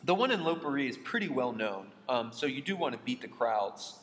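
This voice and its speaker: A man's voice: medium pitch, sing-song, brisk, fairly bright tone. A man co-hosting a podcast, chatting casually in an upbeat, friendly way. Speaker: podcast co-host. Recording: echoey room with long reverb, faint ambience.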